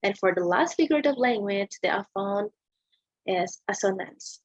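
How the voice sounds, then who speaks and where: A woman's voice: mid-range voice, expressive, moderate pace, no room sound. A young woman with an Indonesian accent giving a class presentation on a poem, hesitant, with many fillers and tag questions. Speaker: student presenter. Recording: dull lo-fi home recording.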